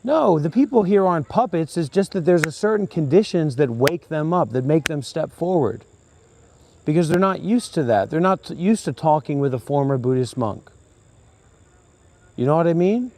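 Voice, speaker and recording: Preachy, rambling man with a mellow voice. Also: fairly high pitch, expressive, moderate pace, slight background noise. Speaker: former Buddhist monk vlogger. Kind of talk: rambling monologue to camera. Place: outdoors in a graveyard.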